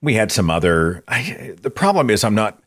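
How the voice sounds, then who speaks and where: A man with an Oklahoman accent hosting a call-in show, animated and quick to laugh, his pitch jumping up when he makes a point. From Oklahoma, USA. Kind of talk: casual call-in talk.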